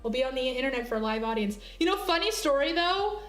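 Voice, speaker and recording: A woman's voice: high-pitched, lively intonation, fast talker. A woman streaming live, chatting casually with her viewers and reading their messages aloud. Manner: chatty, laughing, reads chat aloud. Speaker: virtual streamer.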